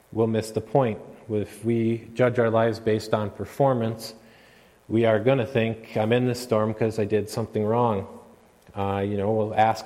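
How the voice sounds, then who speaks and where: A man with a fairly low voice delivers an earnest sermon. His words ring out with a long reverb, as in a church hall. He sometimes builds into a louder, dramatic retelling. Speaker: preacher.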